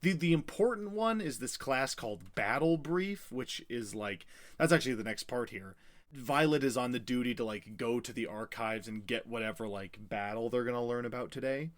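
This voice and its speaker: A man co-hosting a podcast, recapping a novel in a rambling, animated way, with many fillers and acted-out quotes. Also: medium pitch, normal speed. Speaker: podcast co-host recapping a book. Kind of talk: casual chat.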